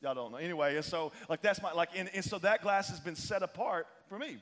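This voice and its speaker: A young male pastor, preaching a casual, animated sermon full of fillers and restarts. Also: high-pitched, fast talker, big-room sound.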